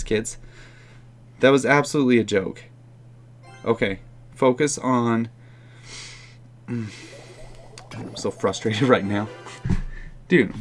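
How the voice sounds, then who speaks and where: Young man, gaming commentary, mid pitch, self-mocking, sudden loud outbursts, faint music behind. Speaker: gaming YouTuber. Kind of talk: live game commentary.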